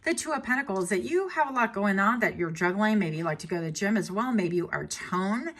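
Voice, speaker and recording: A woman's voice: medium pitch, animated, a little fast, a bit bright. A woman giving a rambling, chatty tarot reading to camera, with jokey asides. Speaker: tarot reader.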